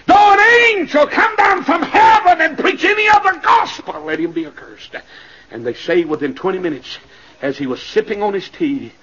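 An evangelist with a high, husky voice preaches in a church, moving from low, quick asides to sudden shouted peaks. The sound is dull and muffled, like an old 1970s LP. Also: male voice. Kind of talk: shouting revival sermon.

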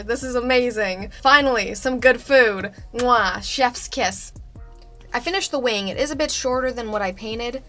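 A woman vlogging casually about a craft project, playful and excitable, joking to the camera. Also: a little high.

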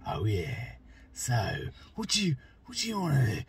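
A woman's voice: huge pitch swings, normal speed, slightly rough, recorded from a distance, heavily acted. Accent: Cockney. Figure: woman whispering as a menacing tough. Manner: low, hushed, threatening. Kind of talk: whispered role-play.

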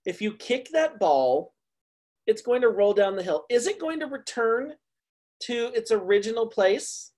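A man's voice: very high-pitched, measured pace. A man teaching a university meteorology class online, explaining step by step and quizzing his students with playful asides. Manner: lively, playful explainer who asks the class questions.

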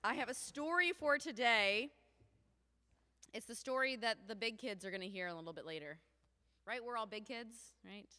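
A woman leading a children's sermon in a church, telling a story and asking the children questions in an animated way. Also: fairly high pitch, normal speed. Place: church sanctuary. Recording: long church reverb.

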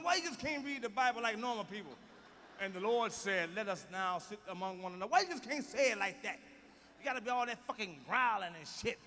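Loud profane stand-up comic in a big hall. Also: male voice, very high voice, a little hiss or hum. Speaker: stand-up comedian. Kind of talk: stand-up comedy routine. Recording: live stage recording with hall reverb and faint ambience.

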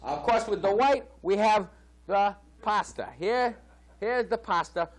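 A man's voice: sits high, a little slow. A man voicing a hammy male TV chef who puts on a phony Italian accent and chats boastfully through a spoof cooking segment. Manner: chatty, boastful, laughing at his own jokes.

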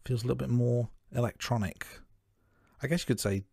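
A man co-hosting a film review podcast, talking through his notes in a measured, casual way. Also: mid-range voice, fairly even intonation, vocal fry, dark tone, husky, no room sound, studio quality. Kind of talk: casual chat.

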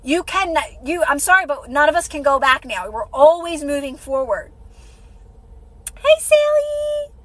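A woman's voice: high voice, animated, normal speed, hardly any pauses, fairly bright tone, no echo, poor audio. A woman hosting a casual motivational livestream, repeating herself encouragingly and greeting viewers by name. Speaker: livestream host.

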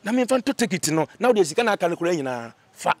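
A Ghanaian man, an interview guest, telling a grievance story with energy and acting out what others said in lively voices. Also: high voice, racing, no echo. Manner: animated, acts out quoted dialogue. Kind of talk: emotional storytelling. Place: outdoor location away from the studio.

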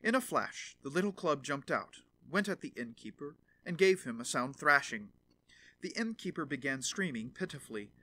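A man narrating a fairy tale audiobook in an expressive storytelling manner. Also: medium pitch.

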